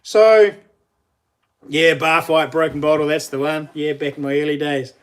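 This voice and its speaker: A man's voice: a little high, fairly even intonation, moderate pace, slight background noise. A middle-aged man with a New Zealand accent, chatting casually on a live stream, laughing often and reading out viewer messages.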